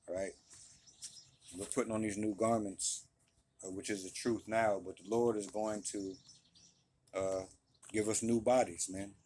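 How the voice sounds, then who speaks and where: A man's voice: fairly low pitch, little pitch movement, a little slow, long pauses, darkish tone. A man leading a casual Bible study, reading scripture aloud and then explaining it in loose, conversational talk, often checking in with his listeners. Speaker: Bible teacher.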